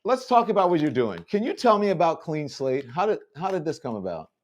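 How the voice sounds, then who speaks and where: Guy hosting an interview at home, warm and friendly, voice moves around a lot. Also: on the high side, very animated, a little fast. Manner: warm, welcoming. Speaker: host. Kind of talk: casual chat.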